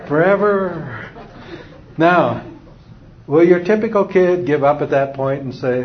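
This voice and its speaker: A man talks to a live audience at a parenting seminar, wry and joking as he acts out exchanges between parents and kids. His voice sits a little high. The recording is dull and lo-fi, with a faint hiss underneath. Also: normal speed. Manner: wry and humorous, acts out parent and kid dialogues.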